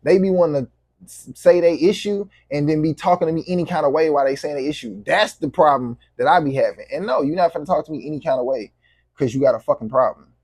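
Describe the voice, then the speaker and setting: A man's voice: on the high side, quick pace, a little mellow, slightly rough, no echo, studio quality. A man vlogging to camera, venting in a heated, profane, repetitive way.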